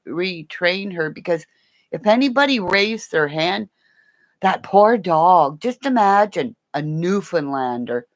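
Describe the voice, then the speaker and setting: Woman, middle-aged, playful livestream chat, unhurried delivery. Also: mid-range voice. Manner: chatty, playful, laughs often. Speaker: livestream host.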